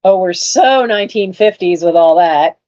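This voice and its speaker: A woman's voice: lowish voice, lively intonation, normal speed, a little mellow, dull audio. A woman selling collectibles online, chatting casually as she unboxes her finds and exclaims over them. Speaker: online reseller hosting a live sale. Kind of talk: casual chat while unboxing.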